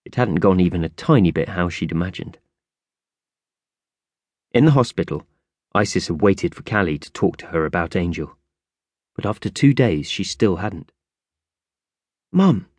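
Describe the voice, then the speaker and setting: Lively-voiced male audiobook narrator. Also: low-pitched, moderate pace, pauses often, breathy edge, dry recording. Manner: expressive storytelling. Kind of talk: scripted narration.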